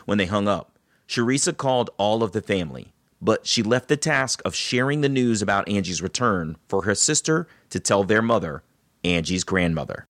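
A man's voice: fairly low pitch, lively intonation, normal speed, a bit bright, no echo, studio quality. A man interviewing a guest and narrating her story between her answers, with affirming reactions.

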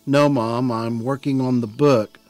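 A man's voice: medium pitch, steady tone, unhurried, a little mellow, dry recording, close to an everyday voice. A man voicing a troubled adult son who speaks hesitantly, searching for his words.

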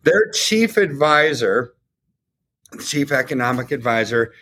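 A man's voice: medium pitch, sing-song, slow pace, bright, forceful tone. A man co-hosting a talk show, explaining economics casually and checking in with frequent rhetorical questions. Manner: conversational, explains with rhetorical "right?" tags. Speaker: podcast co-host.

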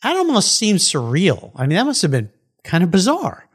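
A man's voice: high-pitched, huge pitch swings, moderate pace, slightly rough. A man hosting an interview, asking eager, enthusiastic questions. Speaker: interview host.

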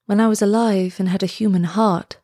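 A woman voicing the statue of a dead prince in a storybook, speaking in a low, gentle, musical way. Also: fairly even intonation, a little fast, no echo, studio quality, close to an everyday voice. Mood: sorrowful. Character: sorrowful golden statue of a prince.

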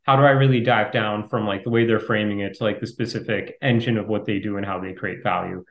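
A man answering interview questions as a startup investor, talking quickly and in a fairly flat way. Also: lowish voice. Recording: roomy echo.

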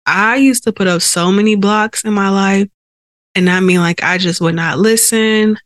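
A woman's voice: mid-range voice, moderate pace, no room sound. A woman hosting a faith podcast, telling her personal testimony in an earnest, conversational way, with held breaths and sighs caught by a sensitive microphone. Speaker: podcast host.

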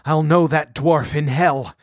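A man's voice: on the high side, steady tone, measured pace, dry recording, clean studio sound, lightly acted. Wounded barbarian king, grim and fierce, barking urgent orders in a storybook, a man doing the voice. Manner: urgent, gasping commands.

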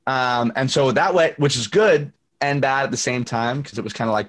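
Guy chatting on a video call, rambly storyteller, lots of ums, mid-pitch voice. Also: normal speed. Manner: chatty storyteller, lots of fillers and acted-out quotes. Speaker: singer-songwriter guest. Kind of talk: casual interview chat.

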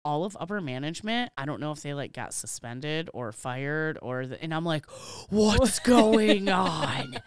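Speaking at a normal speed with few pauses, this medium-pitched co-host tells a work anecdote on a podcast. Animated, they act out each back-and-forth and let off steam with casual cursing.

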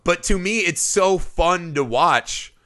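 A man's voice: high voice, slow. A man and father co-hosting a casual movie chat, swearing freely and laughing as he tells stories. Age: adult father. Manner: profane, animated storytelling with laughs. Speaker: podcast co-host.

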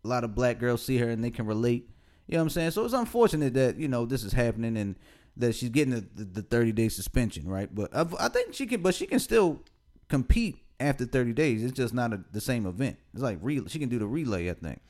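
A man's voice: mid-range voice, very animated, quick pace, darkish tone. Laid-back man, casual podcast chat. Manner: laid-back, laughs often, repeats phrases. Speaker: podcast co-host.

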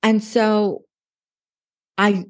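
A woman's voice: medium pitch, level tone, very slow. A woman in her thirties, a podcast guest, telling her story in a chatty way with lots of "like" and quoted thoughts. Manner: chatty, lots of "like", relives moments in quoted inner voice. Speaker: podcast guest, dating coach. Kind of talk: casual interview storytelling.

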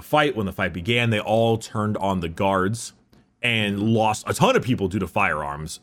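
Man, casual storytelling, rambling delivery, lively pitch. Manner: rambling with fillers and restarts.

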